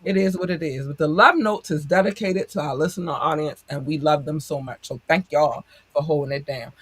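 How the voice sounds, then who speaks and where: A woman's voice: low voice, brisk, slightly rough, dry recording. Woman, podcast co-host, casual chat, effusive, affectionate, laughs a lot, dry close sound.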